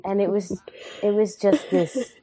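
A woman's voice: mid-range voice, steady tone, measured pace, warm tone, husky, dry recording. A young woman telling a candid, humorous and emotional personal story in casual podcast chat.

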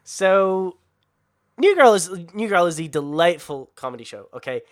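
A man co-hosting a casual podcast chat, animated and quick to swear and laugh. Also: sits high. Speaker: podcast co-host.

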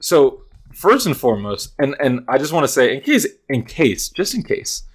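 A man's voice: medium pitch, sing-song, normal speed, breathy edge. Rambling young man hosting a podcast. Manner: rambling, restarts and sarcastic asides. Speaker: podcast host. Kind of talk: casual chat.

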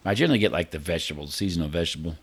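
A man's voice: low-pitched, racing, slightly rough. A middle-aged man co-hosting a podcast, chatting casually in a blunt, joking way with easy swearing. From Indiana. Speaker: podcast co-host. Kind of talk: casual chat.

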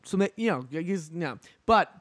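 A man's voice: sits high, expressive, normal speed. A man co-hosting a podcast in casual comedic chat, rambling and jokey as he riffs. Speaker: podcast co-host.

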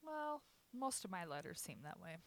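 A woman's voice: on the low side, big pitch swings, normal speed, no echo. A young woman hosting a podcast, talking candidly and rambling, laughing often. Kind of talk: casual chat.

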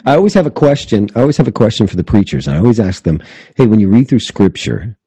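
A man's voice: lowish voice, sing-song, fast talker, dark tone, slightly rough, dry recording. A man hosting an interview, asking questions and rambling earnestly. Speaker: podcast host for preachers. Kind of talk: casual interview talk.

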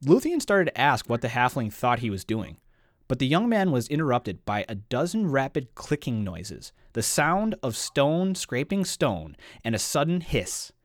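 Male podcast host, lively storyteller, dry close sound. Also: mid-range voice, normal speed, dry recording. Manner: animated storyteller, frequent "like" fillers. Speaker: podcast co-host recapping a book. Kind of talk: casual chat and reading book passages aloud.

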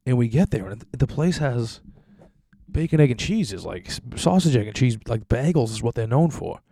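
A man's voice: mid-range voice, expressive, normal speed, warm tone, slightly rough, no echo. A young man hosting a podcast, ranting casually with lots of swearing and laughter. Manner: profane, rambling, laughing complaints. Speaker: podcast host. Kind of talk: casual profane podcast rant.

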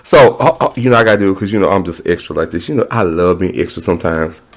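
A man's voice: sits low, lively intonation, fast talker. A man hosting a podcast in a casual, sassy, playful way. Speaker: podcast host.

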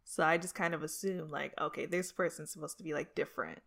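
Relaxed lady host, lowish voice, lots of mm-hmms and laughs. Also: fast talker. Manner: relaxed, frequent short affirmations and laughs. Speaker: podcast host. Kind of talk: casual chat.

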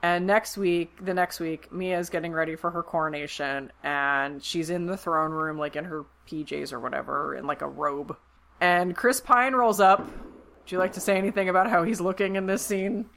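A woman co-hosting a podcast, recapping a movie in casual chat and acting out the characters' lines in quick voices. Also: lowish voice, vocal fry, a little hiss or hum. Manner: animated retelling, acts out quotes in quick voices. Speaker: podcast co-host.

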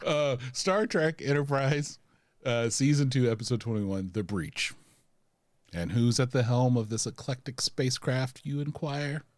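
A man's voice: medium pitch, lively intonation, a little slow, dry recording. A man co-hosting a podcast, chatting casually and opening the show with playful, mock-lofty wording. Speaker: podcast co-host. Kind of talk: casual chat and mock-grand show intro.

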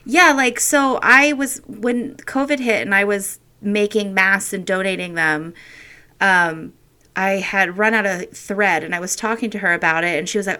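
A woman's voice: mid-range voice, normal speed, bright, forceful tone. A middle-aged woman telling rambling, frank family stories in a casual chat. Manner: rambling storyteller, frank and laughing.

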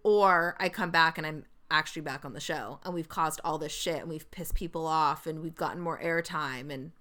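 A woman's voice: sits low, normal speed, pushed and bright. A young woman co-hosting a casual chat, talking things through bluntly and sarcastically. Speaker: podcast co-host.

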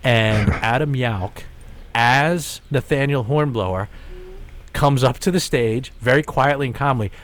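A man in his forties telling a long story in casual podcast chat, with restarts and animated asides. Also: medium pitch, measured pace. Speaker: podcast host.

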